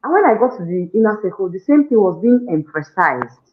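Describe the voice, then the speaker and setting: A woman with a Nigerian English accent, a participant in a parenting program, gives a lively testimonial interview at a medium pitch and brisk pace. She acts out her own scolding and prayers and laughs often, recorded in an echoey room over a tinny, phone-like line.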